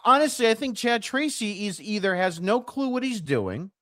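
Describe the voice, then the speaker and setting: Male podcast co-host, animated blunt arguing, dry close sound. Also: sits high, normal speed, no echo. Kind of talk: sports podcast discussion.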